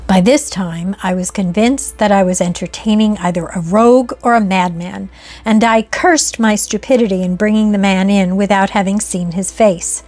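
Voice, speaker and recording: Woman narrator, mid-pitched voice, earnest, measured, audiobook ghost story. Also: a little mellow, faint music behind.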